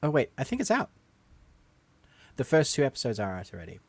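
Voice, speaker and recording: A man's voice: mid-range voice, huge pitch swings, a little fast, no echo. A man co-hosting a movie podcast in casual chat, wry and teasing, laughing often. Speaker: podcast co-host.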